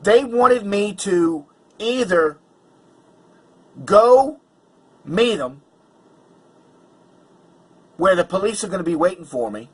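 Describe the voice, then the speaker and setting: Husky, high-voiced man telling an angry story. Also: animated, slow pace, pauses often, low-quality recording. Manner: emphatic, stammering restarts. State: angry and worked up. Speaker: vlogger. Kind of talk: agitated personal story to camera.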